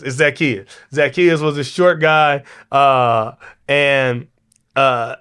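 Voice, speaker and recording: A man's voice: on the high side, lively intonation, slow, a bit bright. A male podcast host giving a motivational leadership talk drawn from Bible stories, in an informal, preacher-like way, often checking in with "okay?". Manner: conversational, informal preaching with repeated restarts and "okay?" check-ins.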